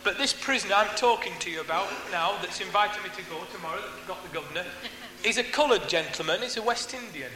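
A man's voice: high voice, expressive, fast talker, a crowd in the background. A man giving an earnest, rambling church testimony about his time in prison, speaking into a microphone he is not used to. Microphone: handheld mic, unfamiliar to him. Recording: echoey hall with faint hum.

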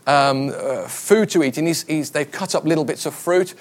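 A man's voice: on the high side, normal speed. A middle-aged man, a pastor, preaching a conversational sermon, with stories and quoted voices.

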